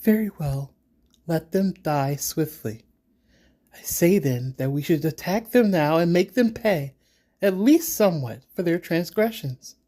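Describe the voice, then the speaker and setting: A woman's voice: fairly low pitch, expressive, a little slow, mellow, pitched above the performer's own voice. A man voicing a fierce, vengeful young woman warrior who speaks in a seething, scornful and insistent way.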